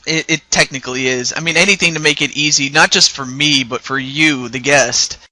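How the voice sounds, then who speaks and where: Man, from the US, interview host, halting with fillers, bright tone, dry close recording. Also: fairly high pitch, steady tone, no echo. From United States. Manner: hesitant, many fillers and restarts. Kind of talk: casual interview chat.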